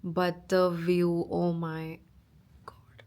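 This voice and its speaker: Young female travel vlogger with a lowish voice, gushing and excitable while nursing a cold. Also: very slow. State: has a cold and sore throat. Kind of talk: casual travel vlog. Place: hotel room.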